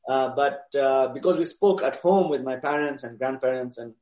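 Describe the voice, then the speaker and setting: A man answering interview questions in a casual, relaxed way, pausing often with fillers. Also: medium pitch, reverberant. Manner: relaxed, hesitant with many fillers. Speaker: interview guest, DJ.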